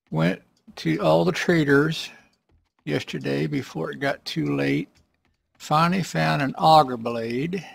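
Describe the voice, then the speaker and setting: A man giving casual, rambling commentary while playing a survival game, often clearing his throat. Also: on the high side, slow, pauses often. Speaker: let's play gamer.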